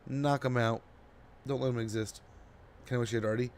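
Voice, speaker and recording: Though he sounds drowsy, this man talks briskly in a mid-range voice with fairly even intonation, giving casual, rambling commentary to his chat during a strategy game. A little hiss or hum can be heard.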